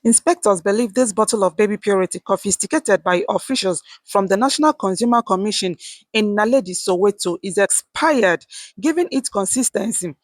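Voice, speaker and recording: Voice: medium pitch, lively intonation, a little fast, no room sound. A commentator from Nigeria, earnestly giving opinions on news in a vlog, often repeating points and asking viewers rhetorical questions. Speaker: online commentator.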